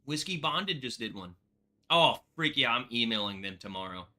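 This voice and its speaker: Excitable man hosting a bourbon livestream. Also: medium pitch, moderate pace. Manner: excitable, rambling, thanks viewers by name. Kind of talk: casual livestream chat.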